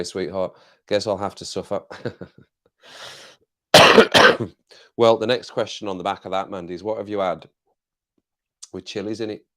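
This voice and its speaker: A chatty English man hosts a casual live chat from his desk at home, talking over his clip-on mic. His voice sits on the low side, and he rambles from joke to aside, laughing as he goes. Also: fairly bright tone. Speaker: livestream host.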